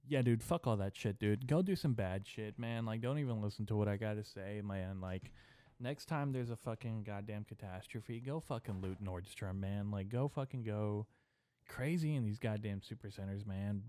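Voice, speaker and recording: Brief: young male podcast host, crude rambling comedic monologue, low-pitched and dry close sound. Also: moderate pace, mellow, no echo. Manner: profane, rambling, stream-of-consciousness.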